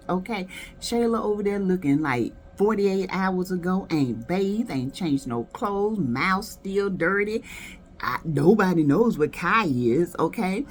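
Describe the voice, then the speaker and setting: A woman from South Carolina giving sassy, gossipy commentary, reviewing skits with dramatic asides. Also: medium pitch. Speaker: video reviewer. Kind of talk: casual commentary.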